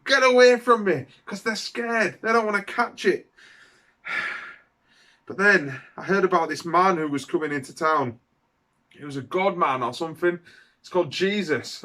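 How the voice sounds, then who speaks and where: A man's voice: high voice, a bit bright. A man playing a mournful leper outcast. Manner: mournful, sighing, slow and heartfelt. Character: man with leprosy, outcast, telling his healing. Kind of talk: dramatic monologue for children.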